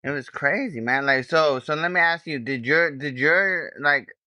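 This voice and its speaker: A male podcast host with a very bright, smooth, resonant voice. He talks casually, peppering his speech with "man" and "bro" and affirming what his guest says. The sound is dry and close to the mic. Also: on the high side, moderate pace, no room sound. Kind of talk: casual interview.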